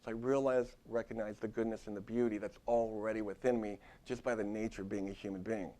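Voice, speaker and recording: In a university lecture room, a middle-aged therapist lectures live to fellow therapists, addressing the audience directly and repeating points for emphasis. His voice is on the low side and dark in tone, level and quick.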